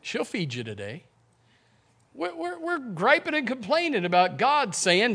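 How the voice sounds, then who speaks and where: A middle-aged pastor preaches with a high, bright-pitched voice that leaps up and down. He is animated, acts out everyday complaining, and calls out to his congregation in church. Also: unhurried, creaky. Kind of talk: sermon. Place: church sanctuary.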